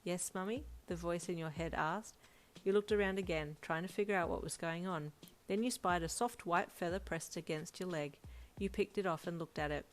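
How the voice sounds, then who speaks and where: A woman narrating a second-person fanfic story in an expressive, lively manner. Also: lowish voice, normal speed.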